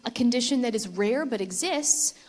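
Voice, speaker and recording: A woman giving a conference keynote speech, telling stories in a lively way and putting questions to the audience. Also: on the high side, normal speed. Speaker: keynote speaker. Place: conference stage before a live audience.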